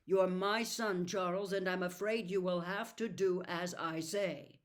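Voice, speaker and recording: A woman's voice: lowish voice, steady tone, measured pace, lightly acted. A woman reading aloud, voicing a weary middle-aged father who speaks heavily and at times sternly. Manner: tired, heavy, sometimes commanding.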